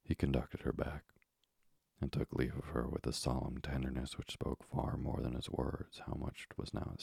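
A man narrating a classic story in a measured, hushed reading. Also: rumbling low, vocal fry, slightly rough, dry recording. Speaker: audiobook narrator. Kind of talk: literary narration.

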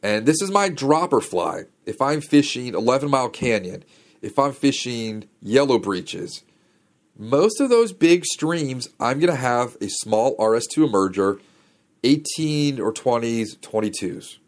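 A man's voice: medium pitch, sing-song, measured pace. A man hosting a podcast, telling a rambling story in a chatty, slangy, casual way. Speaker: podcast host.

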